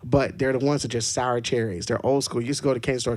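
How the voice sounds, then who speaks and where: A man hosting a casual podcast chat, telling stories in a lively way and laughing often. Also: mid-range voice, fast. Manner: animated storyteller, laughs often. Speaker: podcast host.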